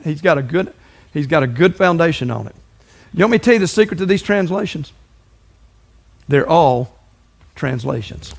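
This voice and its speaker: A man's voice: fairly high pitch, vocal fry. A man preaching a sermon as pastor, folksy and conversational, often stumbling and repeating words.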